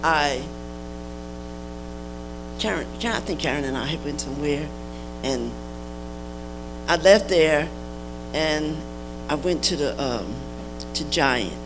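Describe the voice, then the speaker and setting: A woman shares a testimony in a casual storytelling way and acts out the voices of the people in it. Her pitch moves widely. Music plays clearly in the background. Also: slow, pauses often, poor audio. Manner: animated, acts out quoted voices. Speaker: church member sharing a testimony.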